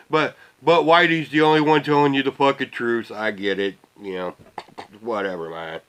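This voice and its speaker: A man's voice: steady tone, moderate pace, a bit bright, clear, resonant tone, rough recording. Middle-aged man, casual vlog rant, swears constantly, rambles and trails off into mumbling. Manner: rambling, profane, trails off into low mutters. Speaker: vlogger.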